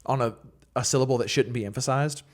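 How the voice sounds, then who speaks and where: Young male worship songwriter, podcast guest; casual, animated, filler-heavy storyteller, average pitch. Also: quick pace.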